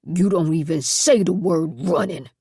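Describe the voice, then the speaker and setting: Lady doing a low rough mean old-south style overseer guy, threatening, husky edge. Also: a little slow, dark tone, dry recording, clean studio sound. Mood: menacing. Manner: coarse, threatening, speaks in rough dialect. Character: cruel gruff male reform-school overseer. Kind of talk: audiobook character voice.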